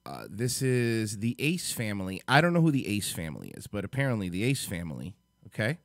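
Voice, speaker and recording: A man's voice: fairly low pitch, very animated, a little fast, no echo, studio quality. A man hosting a livestream, reacting to clips in rambling, chatty commentary. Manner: rambling, chatty, thinks aloud. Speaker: host.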